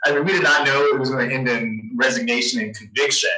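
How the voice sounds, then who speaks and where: A man's voice: medium pitch, steady tone, fast, pushed and bright. A man who works as a newspaper journalist tells a story in a casual interview, rambling with many restarts and frequent laughs. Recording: roomy distant mic.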